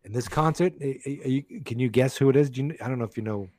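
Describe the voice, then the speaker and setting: A man chatting as a podcast guest, rambling and jokey with animated storytelling. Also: medium pitch, racing, dry recording. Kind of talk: casual podcast chat.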